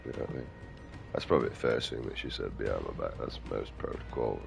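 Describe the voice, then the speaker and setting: Middle-aged man, gravelly very low voice, crude outspoken vlog rambler. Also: fast talker, faint music behind. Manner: crude, outspoken, mumbling asides. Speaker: vlogger. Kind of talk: rambling casual monologue.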